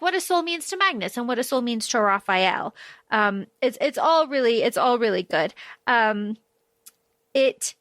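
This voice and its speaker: A woman co-hosting a podcast, chatting casually and gushing about a book, quoting characters in quick bursts. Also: a little high, fairly bright tone, dry recording. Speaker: podcast co-host. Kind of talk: casual book discussion chat.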